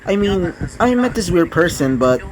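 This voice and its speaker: A man's voice: high voice, very animated, moderate pace, low-quality recording. A man voicing a cheerful young teenage girl in a storybook reading. She is chatty and upbeat.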